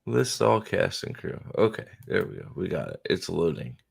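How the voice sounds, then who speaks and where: A man's voice: deep voice, very animated, normal speed, vocal fry, breathy edge. A man hosting casual fan commentary, rambling and profane, and often cutting himself off mid-thought. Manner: rambling, profane, self-interrupting. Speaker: host.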